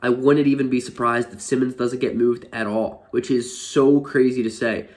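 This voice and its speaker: A man's voice: medium pitch, fairly even intonation, moderate pace, a little mellow. A young man vlogging casual sports commentary, frustrated and exasperated, rambling with lots of fillers.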